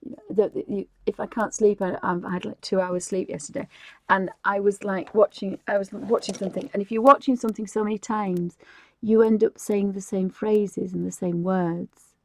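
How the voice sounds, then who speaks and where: A middle-aged woman from England chats loosely as she colours on a live stream, her thoughts wandering and doubling back. Her voice sits at an ordinary pitch, and the recording is dry and close, with no room around it. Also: fairly even intonation, normal speed, a little mellow, no echo. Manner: chatty and rambling, with frequent laughs and restarts. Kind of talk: casual chat while colouring.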